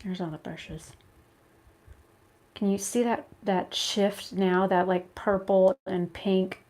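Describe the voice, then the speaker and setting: A woman chatting to a phone camera at home, rambling and animated as she tells stories between makeup steps. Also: medium pitch, takes it slowly. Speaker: beauty vlogger. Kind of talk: casual chat while doing makeup. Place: her home, indoors. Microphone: phone camera at arm's length.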